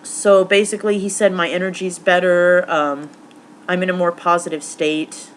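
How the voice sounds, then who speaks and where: A woman's voice: lowish voice, flat delivery, moderate pace, a little hiss or hum. A young woman recapping her week to camera in a casual vlog, rambling with lots of fillers. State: tearful, emotional; recovering from stomach flu. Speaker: vlogger.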